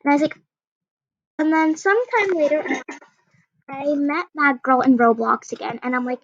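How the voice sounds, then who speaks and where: A woman's voice: sits high, moderate pace, no echo, dull audio. A teenage girl telling a rambling storytime, full of "like" and restarts. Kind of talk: casual storytime.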